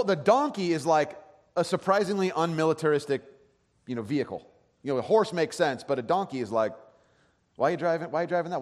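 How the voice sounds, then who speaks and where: Conversational man preaching in a reverberant hall. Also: on the high side. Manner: conversational, checks in with the audience. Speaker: pastor. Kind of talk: sermon.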